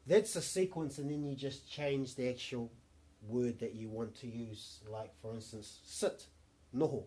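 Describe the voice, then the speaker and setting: Mellow-voiced New man teaching. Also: mid-range voice. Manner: patient, models phrases slowly and repeats them. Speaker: language teacher. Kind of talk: spoken language lesson.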